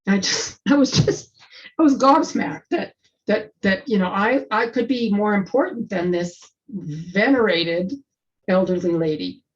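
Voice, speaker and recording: A middle-aged woman telling a family story in a casual discussion, chatty and halting with restarts. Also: medium pitch, animated. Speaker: presenter. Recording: dull lo-fi sound.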